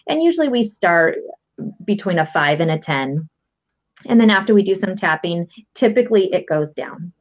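Woman coach, low register, patient instructor, muffled lo-fi audio. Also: moderate pace. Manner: calm, patient, explains step by step. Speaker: guest EFT coach. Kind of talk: instructional explanation. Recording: lo-fi dull audio.

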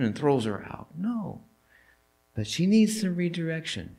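Gravelly-voiced male pastor preaching. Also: mid-range voice. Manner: animated storytelling with rhetorical questions. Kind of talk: sermon. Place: church sanctuary.

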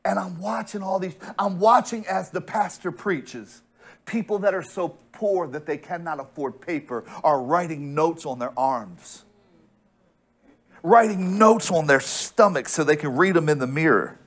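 Casting: American male preacher, high-ish voice, emphatic and repetitive sermon delivery. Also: measured pace, a bit bright. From United States. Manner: emphatic storytelling, repeats words when pressing a point. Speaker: pastor.

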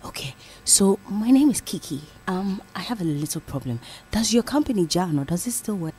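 A woman playing a hushed, pleading young wife. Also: medium pitch, expressive, moderate pace, breathy edge. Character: frightened young wife begging for a cover story. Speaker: radio prank caller. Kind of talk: prank call role-play.

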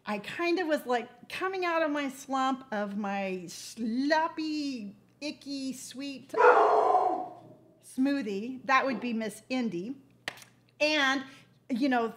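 A woman in her sixties hosting a casual live show, chatting and telling stories in an animated way. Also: sits high. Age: 60s. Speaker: livestream host. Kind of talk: casual chat.

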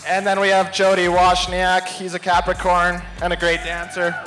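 A young man giving a casual, deadpan-joking acceptance speech for his crew. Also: high-pitched, moderate pace, soft background music. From Canada. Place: bar at an awards night.

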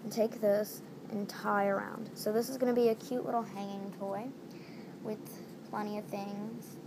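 A woman's voice: medium pitch, little pitch movement, moderate pace. A woman talking casually through a step-by-step craft tutorial at home, repeating each step as she goes. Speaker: DIY tutorial maker. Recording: noisy home recording.

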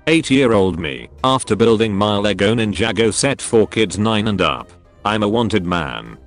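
A man narrating a meme compilation, reading captions aloud one after another with brisk jumps between jokes. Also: on the low side, animated, music in the background.

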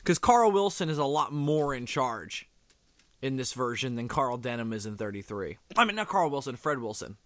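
A man's voice: mid-range voice, sing-song, normal speed, no room sound. A man co-hosting a casual movie commentary, chatty, reacting to the screen and swearing casually. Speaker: commentary co-host.

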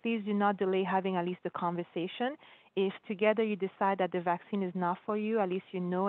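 A woman physician answering community questions on a virtual town hall, explaining patiently with frequent restarts. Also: fairly low pitch. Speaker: guest physician. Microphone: video call. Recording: dry phone-like audio.

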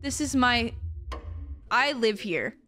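High, lively young woman streamer. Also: slow pace, soft background music. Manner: jumpy, swears often, bursts into shrieking laughter. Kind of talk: live horror gameplay commentary.

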